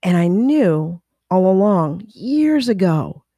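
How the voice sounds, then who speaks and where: A woman who runs her own business and speaks to motivate others, telling her story in a lively way and acting out the people she quotes. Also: mid-range voice, slow, no room sound, clean studio sound. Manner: animated, acts out quoted voices, restless self-correcting. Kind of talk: personal storytelling talk.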